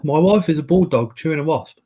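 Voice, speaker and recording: A man's voice: a little high, expressive, a little fast, background noise. A middle-aged man hosting a casual live stream, chatting and reading out viewer comments. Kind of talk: casual chat.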